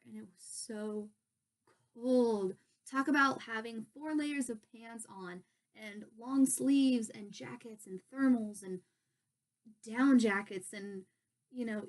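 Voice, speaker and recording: A young woman, a pageant contestant, telling stories in a casual vlog from her bedroom, bubbly and gushing. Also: medium pitch. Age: young adult.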